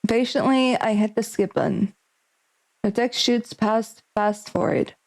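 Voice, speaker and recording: A young woman with a slightly high voice reads visual novel text aloud during a stream. Between lines she chats and speculates, thinking out loud in a casual way. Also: fairly even intonation, a little slow, poor audio. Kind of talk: reading game text aloud and casual commentary.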